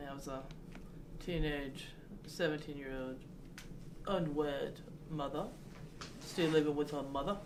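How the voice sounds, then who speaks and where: A woman in her forties, a mother chatting and telling family stories, laughing often and trailing off mid-sentence. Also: deep voice. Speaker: mother sharing memories. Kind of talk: casual family storytelling. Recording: noisy home video.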